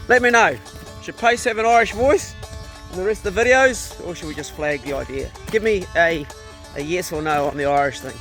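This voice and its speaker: A man's voice: a little high, brisk, a bit bright, soft background music. Chatty middle-aged man outdoors. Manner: chatty, talks to his dogs, laughs at himself. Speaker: farm vlogger. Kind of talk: casual vlog chat. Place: outdoors on a farm, walking dogs.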